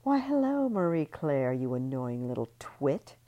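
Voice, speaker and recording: A woman reading aloud and voicing a bitter, sharp-tongued young mother who mocks others. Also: sits low, animated, moderate pace, highs cut off. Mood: sneering. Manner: sneering, mocking.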